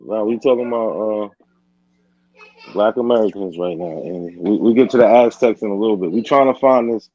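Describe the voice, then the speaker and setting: A man's voice: on the low side, a little fast, muffled recording. A man hosting an online debate, firm and trying to restore order between the speakers. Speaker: host and moderator.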